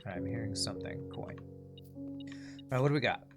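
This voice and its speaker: A man's voice: fairly low pitch, animated, moderate pace, over loud music. A man streaming a puzzle game, thinking aloud and mumbling as he weighs his choices in casual commentary. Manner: musing aloud, mumbling while deciding.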